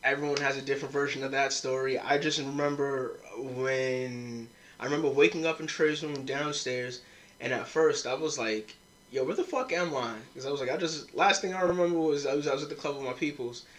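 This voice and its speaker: With a mid-range, slightly bright voice and fairly even intonation, a young man talks a little fast while hosting his podcast. His story, told casually among friends, is a profane account of a rowdy drinking episode rich in quoted dialogue.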